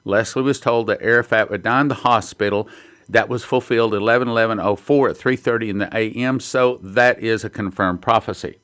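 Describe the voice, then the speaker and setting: A man's voice: lowish voice, steady tone, a little fast, a bit bright. A man hosting a prophecy ministry, teaching in a sermon style and reading headlines and quotes aloud earnestly.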